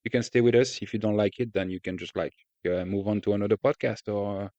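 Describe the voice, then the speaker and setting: A man with a French accent, a native French speaker, chats on a podcast with a low-pitched voice. He is talkative and rambles with frequent restarts and casual swearing. The sound is dry and somewhat dull, with no room echo. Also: fairly even intonation, quick pace, warm tone. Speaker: podcast co-host. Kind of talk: casual chat.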